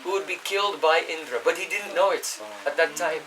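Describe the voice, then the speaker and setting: A man's voice: on the high side, fairly quick, a crowd in the background. A man giving a scripture class, explaining at length, chanting Sanskrit verses and checking in with his listeners. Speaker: spiritual teacher. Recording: voice distant from the mic.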